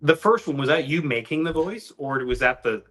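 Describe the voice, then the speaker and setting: A man's voice: fairly high pitch, lively intonation, moderate pace, a bit bright, faint music behind. A man, a police sergeant guest chatting casually and teasing the host. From Canada. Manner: easygoing, teasing. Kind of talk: casual interview chat.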